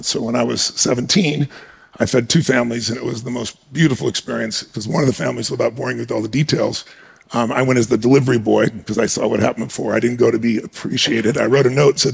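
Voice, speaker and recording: Fast, gravelly-voiced male storyteller. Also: mid-range voice. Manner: animated, emphatic storyteller who acts out scenes. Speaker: guest speaker. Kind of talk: personal storytelling on stage.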